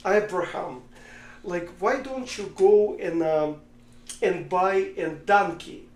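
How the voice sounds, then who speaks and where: A man doing a calm, wise old rabbi. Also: high-pitched, slow pace, roomy sound. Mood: reassuring.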